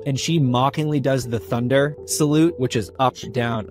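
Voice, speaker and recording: A man's voice: medium pitch, moderate pace, soft background music. A man narrating a tabletop game as game master, telling the story casually with plenty of fillers.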